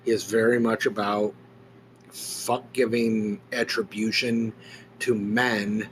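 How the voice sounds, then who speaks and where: A man's voice: fairly low pitch, flat delivery, slow pace, a little hiss or hum. A man hosting a solo podcast, reading passages aloud and commenting on them in a casual, blunt way that includes swearing. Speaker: podcast host.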